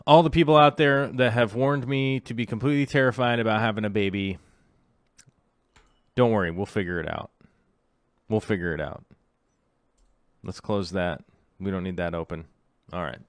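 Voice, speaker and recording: A man's voice: fairly low pitch, normal speed, long pauses, no room sound. A middle-aged man hosting a live stream, chatting casually and rambling with lots of fillers and jokes. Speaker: livestream host.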